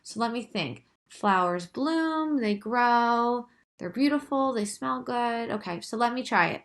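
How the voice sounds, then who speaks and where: Young lady teacher talking slow, bright kinda sharp voice, keeps asking okay?. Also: a little high, animated, a little hiss or hum. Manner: patient, drawn-out words, frequent "okay?" checks. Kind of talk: recorded online lesson.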